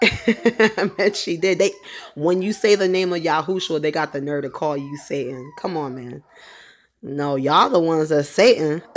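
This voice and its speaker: A woman telling a personal story in a halting, rambling way, full of ums. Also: low voice. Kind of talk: casual spoken testimony.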